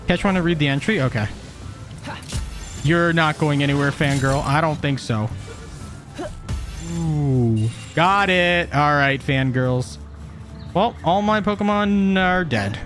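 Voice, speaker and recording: A man streaming a game, reacting with excited, jokey commentary and frequent laughs. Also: a little high, slow, faint music behind. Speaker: gaming streamer.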